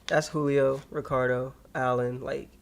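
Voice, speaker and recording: A young man co-hosting a podcast in casual chat, slangy and animated, often laughing as he tells stories. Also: medium pitch, a little slow, creaky, clean tone. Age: young adult. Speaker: podcast co-host.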